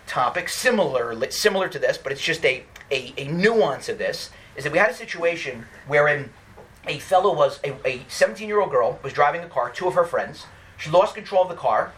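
Animated storytelling lawyer, fast and fairly high-voiced, keeps restarting sentences. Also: male voice. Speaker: personal injury lawyer giving a talk. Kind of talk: storytelling lecture.

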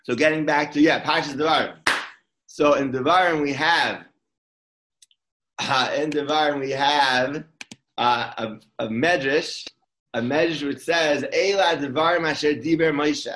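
A man's voice: on the high side, measured pace, a bit bright, reverberant, a little hiss or hum, low-quality recording. A man giving an informal Torah talk in a conversational way, often restarting his sentences. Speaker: Torah speaker.

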